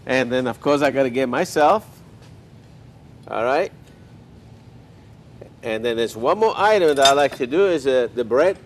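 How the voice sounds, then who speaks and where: An older man hosting a cooking show, chatting while he cooks and telling folksy stories with joking asides. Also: on the high side.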